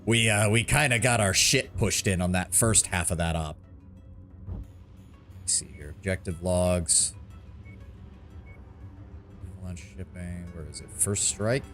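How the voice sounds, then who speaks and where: Low-voiced guy streaming a game, swears a lot, loud music under him. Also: slow, pauses often. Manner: swearing, reacting aloud, wry. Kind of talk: gameplay commentary.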